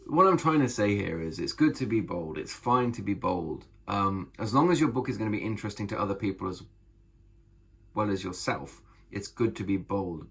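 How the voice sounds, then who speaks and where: Guy author chatting to camera, kinda husky and gravelly, gets really fired up and repeats himself. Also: lowish voice, expressive, moderate pace, a bit bright. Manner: enthusiastic, emphatic, repeats phrases. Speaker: author and vlogger. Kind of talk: casual talk to camera about writing.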